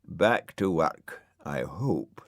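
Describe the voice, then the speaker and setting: Grumpy pompous storybook dog done by a man, huffy and indignant, dry close sound, unhurried. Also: low-pitched, animated, dry recording, heavily acted. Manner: indignant, sulky, grandly aggrieved. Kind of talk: audiobook character voice.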